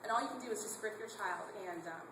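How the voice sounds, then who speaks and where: A woman's voice: mid-range voice, fast. A woman in her thirties giving a heartfelt personal testimony to an audience, speaking directly to them in a conversational way. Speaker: parent speaking at a charity kickoff. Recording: echoey hall, background noise.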